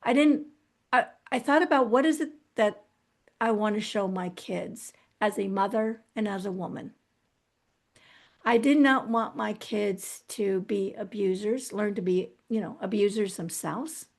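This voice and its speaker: A middle-aged woman as an interview guest, talking candidly and reflectively about her past, often restarting her sentences. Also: mid-range voice. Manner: earnest, reflective, halting with restarts. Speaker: guest author.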